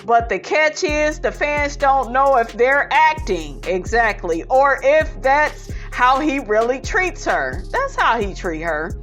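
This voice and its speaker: A woman's voice: high voice, very animated, slow, hardly any pauses, a bit bright, soft background music. A woman, giving sassy casual commentary and reading out viewer comments, calling her viewers honey. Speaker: commentary host.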